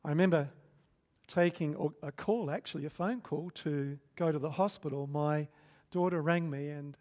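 A middle-aged man preaching a sermon as pastor, swinging from loud emphatic bursts to soft hushed stretches. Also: on the high side, moderate pace.

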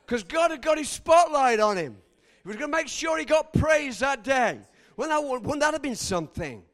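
A man preaching a sermon, dramatic, swinging between shouts and hushed lines and acting out the people he quotes. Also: extremely high pitch, expressive, normal speed. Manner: acts out quoted voices.

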